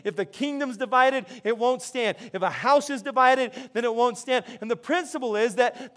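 This man's voice is very high-pitched with a fairly bright tone. He preaches as a pastor in a conversational style, often repeating words as he restarts sentences.

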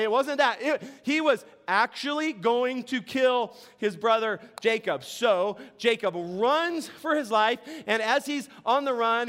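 A man's voice: very high voice, a bit bright. A man preaching a sermon in a conversational way, often laughing and asking the congregation questions. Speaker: pastor.

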